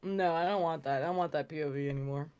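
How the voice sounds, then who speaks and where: A young woman co-hosting a casual podcast, talking in an animated, slangy way and laughing often. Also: low-pitched, fast talker, clear, resonant tone. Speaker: podcast co-host. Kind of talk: casual chat. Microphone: video call.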